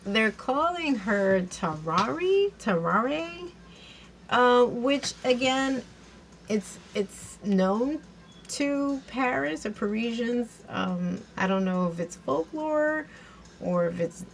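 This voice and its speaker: A woman's voice: on the high side, lively intonation, slow, creaky, a little hiss or hum, poor audio. A woman giving a casual recap and review of a TV episode, chatty and giggly, with lots of fillers and restarts.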